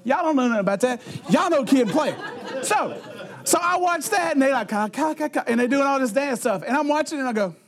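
Quick and very high-voiced, a middle-aged youth pastor tells teenagers funny stories while a faint crowd is audible. He animatedly acts out quotes and often laughs in the middle of sentences.

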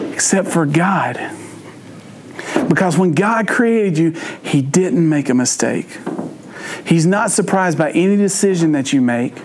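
A man's voice: sits high, a little mellow, slight background noise. A middle-aged man with a Cajun Louisiana accent, giving a folksy, joking youth sermon as a pastor. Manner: folksy, jokey, acts out family voices in his stories. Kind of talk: storytelling sermon.

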